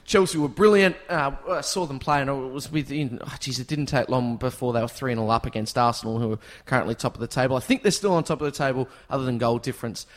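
A man's voice: medium pitch, quick pace, few pauses. A man from Tasmania with an Australian accent, hosting a casual chat and leading a playful game. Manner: chatty, playful game-show banter. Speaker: podcast host.

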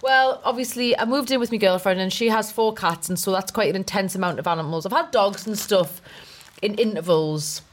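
A woman's voice: medium pitch, brisk, a little hiss or hum. A young adult woman, a comedian chatting casually on a podcast, rambling and laughing as she goes. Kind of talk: casual chat.

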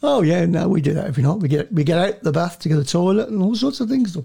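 A man chatting on a football podcast, jokey and quick to laugh. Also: high voice, lively intonation, creaky, mellow. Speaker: podcast co-host. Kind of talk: casual chat.

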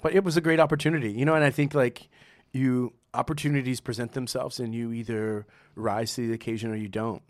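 A man talks through his past in a loose, conversational interview, breaking into laughter and playing out the voices of people he met. His voice sits at an ordinary middle pitch, and the sound is close and dry with no room around it. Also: a little fast, dry recording. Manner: animated, laughs often, acts out quoted dialogue. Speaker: guest, sommelier and restaurateur. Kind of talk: casual storytelling interview.

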